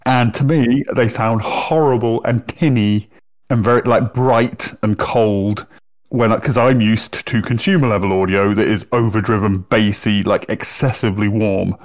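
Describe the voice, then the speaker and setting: A man's voice: lowish voice, steady tone, a little slow. A man with a Northern English accent, chatting casually and swearing freely, often breaking into laughter. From Northern England. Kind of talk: casual chat.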